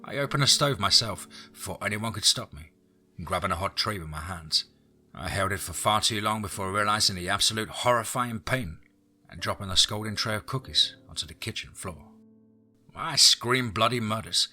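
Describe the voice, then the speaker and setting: A man reading a first-person horror story aloud as narrator in a steady storytelling voice. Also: lowish voice, moderate pace, soft background music.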